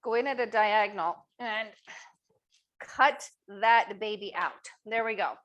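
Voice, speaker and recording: A woman's voice: medium pitch, measured pace, fairly bright tone, highs cut off. A middle-aged woman hosting a live online cooking demo, upbeat and chatty, asking viewers to type answers in the chat. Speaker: cooking class host.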